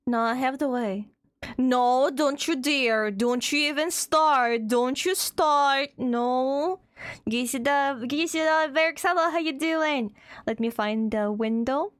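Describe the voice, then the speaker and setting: A woman streaming live, chatting with her audience in an excitable way, swearing and playfully shouting at chat. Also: high voice, takes it slowly, clear, resonant tone, dry recording. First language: Russian. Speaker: VTuber streamer.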